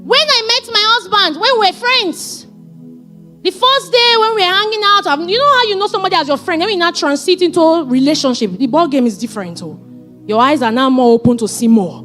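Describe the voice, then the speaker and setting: A woman, giving an animated talk on marriage into a handheld mic. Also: very high-pitched, fairly quick, faint music behind. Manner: animated, dramatic retelling. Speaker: speaker on marriage. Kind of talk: storytelling talk.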